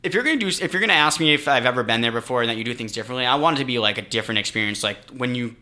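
Fast, very bright-voiced man riffing. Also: mid-range voice, animated. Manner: rambling, riffs into absurd bits, trails off mid-sentence. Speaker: podcast co-host. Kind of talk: casual comedic podcast banter.

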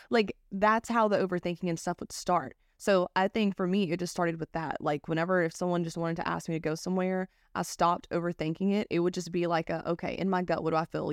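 A woman's voice: lowish voice, fairly even intonation, quick pace, hardly any pauses, no room sound, studio quality. A young woman hosting a podcast, giving candid advice in a casual chat, swearing freely and using lots of fillers. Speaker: podcast host.

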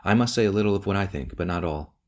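A man's voice: sits low, fast, darkish tone, voice pushed up, close to an everyday voice. A man reading the part of an earnest young woman who pleads with a shaking voice.

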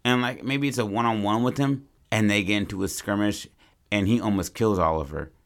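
A man's voice: fairly low pitch, brisk, a bit bright. A man co-hosting a podcast, brainstorming a story in casual, rambling, profane chat. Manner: rambling, profane, acts out characters. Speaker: podcast co-host.

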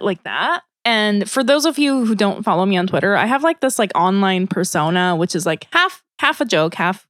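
A woman comedian chatting casually on a podcast, telling a story in a lively way with lots of "like" and acted-out quotes in changing voices. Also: mid-range voice, normal speed, few pauses, no room sound, studio quality. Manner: animated, heavy use of "like", acts out quotes in shifting voices.

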